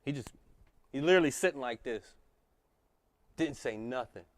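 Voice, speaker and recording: A man telling a story as a podcast guest, animated and swearing freely in casual chat. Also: medium pitch, moderate pace, no echo.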